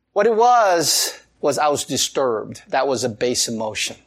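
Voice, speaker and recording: Animated preaching man, lively pitch. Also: breathy edge. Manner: animated preaching with laughs and acted-out quotes. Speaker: pastor. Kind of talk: sermon.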